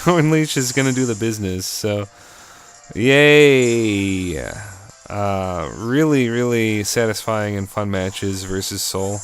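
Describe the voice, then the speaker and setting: A man casually commentating his own video game battle in an excitable, chatty, jokey way. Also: on the low side.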